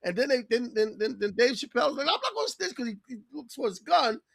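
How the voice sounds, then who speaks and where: Woman co-host recapping a comedy sketch, kinda gravelly, really into the telling. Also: on the high side, fast talker, no echo, studio quality. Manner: animated storytelling, acts out quoted lines. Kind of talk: casual podcast chat.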